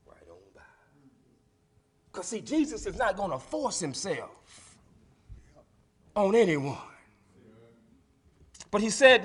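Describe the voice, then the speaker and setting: High, animated male preacher. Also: takes it slowly, long pauses, slightly rough. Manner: dramatic swings from hushed whispers to shouted lines, call-and-response. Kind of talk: sermon. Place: church sanctuary.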